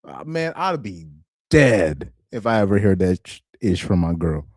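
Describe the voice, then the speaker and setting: Slow, low-voiced man streaming reactions. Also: sing-song, dry recording, clean studio sound. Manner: laughs often, repeats himself, stammering restarts. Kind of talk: casual live reaction stream.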